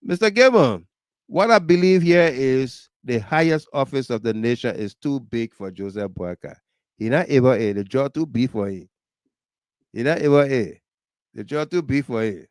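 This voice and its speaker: A man with a Liberian accent hosting a political talk livestream, animated, laughing often and reading viewer comments aloud. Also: medium pitch, moderate pace, clean tone, no echo. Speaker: talk show host.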